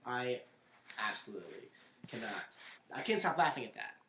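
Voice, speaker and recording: A podcast co-host in casual chat, excitable, who often breaks into quoting lines and laughing. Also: medium pitch, normal speed, roomy sound, noisy background.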